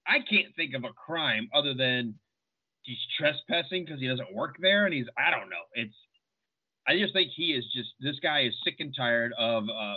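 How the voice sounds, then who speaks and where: A man's voice: medium pitch, animated, normal speed, husky. Man on a tinny, phone-like line. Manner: analytical, thinks aloud. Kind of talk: casual film discussion.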